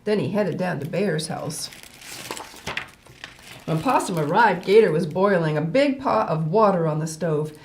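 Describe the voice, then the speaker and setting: An older woman reading a folk tale aloud as storyteller host, animated with playful asides. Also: on the low side, a little slow, pauses often, slight background noise. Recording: roomy echo.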